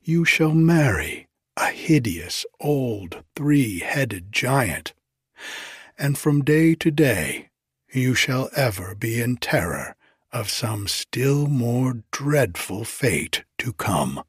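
A man's voice: mid-range voice, big pitch swings, slow pace, husky, no echo, clean studio sound, full character voice. A man whispering as a stern threatening servant.

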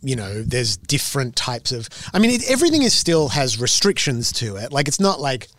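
A man's voice: medium pitch, big pitch swings, moderate pace, a bit bright, dry recording. A man, a singer-songwriter, answering interview questions casually and rambling through his thoughts. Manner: rambling, restarts mid-thought. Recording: dry close recording.

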